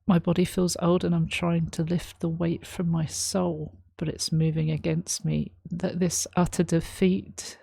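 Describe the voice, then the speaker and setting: A woman reacting to a song, reading lyrics aloud and explaining them in a thoughtful, halting way, with many ums. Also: on the low side, flat delivery, vocal fry, mellow, slightly rough, no room sound, clean studio sound. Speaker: music reaction host. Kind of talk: casual reaction commentary.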